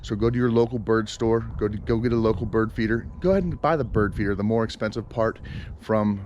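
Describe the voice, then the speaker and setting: A man's voice: fairly low pitch, quick pace, a little mellow, highs cut off, a little hiss or hum. A man talking casually outdoors in his yard for a vlog, rambling and exasperated, with many fillers and restarts. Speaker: vlogger.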